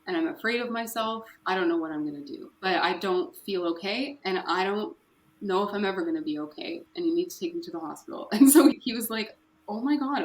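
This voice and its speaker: Candid woman in an echoey room. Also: mid-range voice. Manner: candid, emotional, with nervous laughs. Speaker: podcast guest. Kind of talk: personal story in an interview. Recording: echoey room with faint noise.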